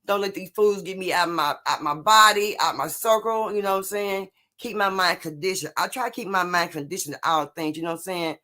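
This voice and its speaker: Live streamer, casual motivational talk, rambling, repetitive, mid-range pitch. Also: fairly quick, few pauses, pushed and bright. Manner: rambling and repetitive, constantly asking "you know what I'm saying"; answers viewer comments while talking. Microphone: streaming setup.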